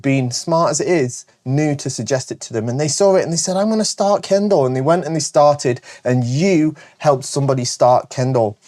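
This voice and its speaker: Fast-talking Northern English man. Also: medium pitch, mellow. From Britain. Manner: fast, chatty and enthusiastic, with frequent self-corrections. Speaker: host. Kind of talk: casual video monologue answering viewer questions.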